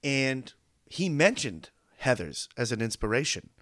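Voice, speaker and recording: A man's voice: mid-range voice, very animated, a little slow, a bit bright, dry recording, studio quality. A man co-hosting a movie podcast, telling a story in a chatty, casual way. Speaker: podcast co-host.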